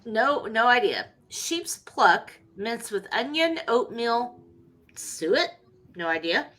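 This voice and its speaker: A woman co-hosting a casual movie podcast, giggly and crude, reading facts aloud haltingly. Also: fairly high pitch, lively intonation, fairly bright tone, poor audio. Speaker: podcast co-host.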